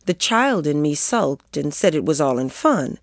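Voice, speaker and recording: Story narrator, female, lowish and very expressive, in a dry room. Reads with a shifting tone. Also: unhurried, no echo. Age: adult. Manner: lively, expressive reading. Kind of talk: reading a story aloud.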